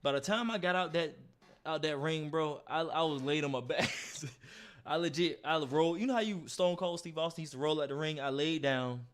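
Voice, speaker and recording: A young man tells a story in an animated way. He laughs often and acts out punches with sound effects. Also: a little high, a little fast. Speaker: streamer.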